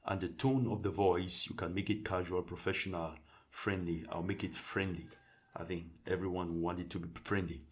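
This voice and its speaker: Deep-voiced man talking through a tutorial. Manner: relaxed, thinks aloud with restarts while clicking through settings. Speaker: tutorial presenter. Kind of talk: casual screen-share tutorial.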